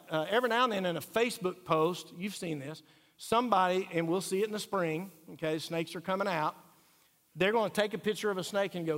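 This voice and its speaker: A man pastor, preaching a sermon earnestly and emphatically, dropping quiet for key points. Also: sits high, brisk. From Texas. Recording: echoey hall reverb.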